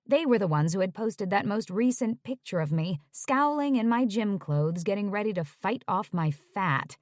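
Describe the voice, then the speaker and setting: A woman narrating a romance audiobook in the first person, measured and wry, on a close studio mic. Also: mid-range voice, animated, no room sound.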